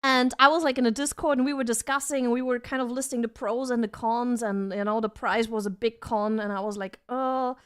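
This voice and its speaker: A woman's voice: a little high, fairly even intonation, a little fast, hardly any pauses, a bit bright, smooth. A young woman streaming from her home desk, chatting casually and giggling as she reads her chat aloud. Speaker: vtuber streamer.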